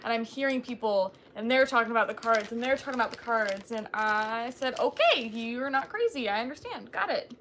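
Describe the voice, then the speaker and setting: A woman's voice: fairly high pitch, lively intonation, a little fast, few pauses, noisy background. A woman joining a casual book chat who chimes in often and laughs easily.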